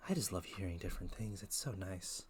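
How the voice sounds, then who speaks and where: Laid-back young man streaming, low voice. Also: lively intonation, brisk, husky. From Philippines. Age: 20s. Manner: laid-back, slangy, chatty. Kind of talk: casual live-stream chat. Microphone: headset.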